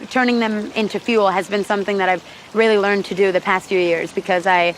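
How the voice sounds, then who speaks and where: A woman's voice: medium pitch, fairly even intonation, a little fast, slight background noise, rough recording. A young woman in her twenties, a singer chatting as an interview guest, bubbly and giggly with lots of fillers, speaking outdoors. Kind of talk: casual interview chat. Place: outdoors in countryside.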